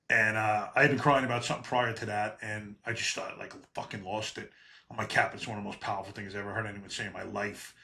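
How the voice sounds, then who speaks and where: Blunt, bright-voiced podcast host. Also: male voice, fairly low pitch, level tone, quick pace, vocal fry. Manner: blunt, profane storyteller. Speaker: podcast host, retired police officer. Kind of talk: conversational interview.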